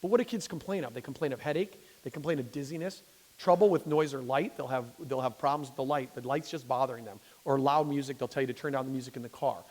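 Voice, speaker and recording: A male doctor lectures in a loose, conversational way, moving along at a brisk clip. His voice sits at an average pitch and rings with the long reverb of a church hall. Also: a little mellow. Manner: conversational, checks in with "okay?", restarts sentences. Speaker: physician giving a public talk. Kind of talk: lecture to a lay audience.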